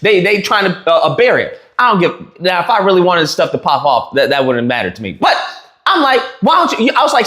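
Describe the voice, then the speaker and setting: A man's voice: high voice, sing-song, fairly quick, sharp tone. A man casually retelling a heated argument, acting out the quoted lines with frequent restarts. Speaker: streamer telling a story. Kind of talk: casual storytelling rant. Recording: echoey room.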